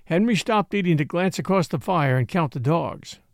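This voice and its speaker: High-voiced guy reading a story aloud, really lively, gravelly, dry close mic. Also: moderate pace, dry recording. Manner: expressive storytelling with varied character voices. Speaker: narrator. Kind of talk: audiobook reading.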